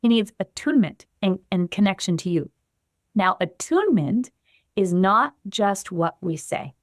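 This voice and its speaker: A woman guest on a podcast explaining her practice in an animated way, acting out the voices of the people in her examples. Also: mid-range voice, measured pace, no room sound, studio quality. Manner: animated, acts out the quotes she gives. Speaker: guest, somatic trauma practitioner.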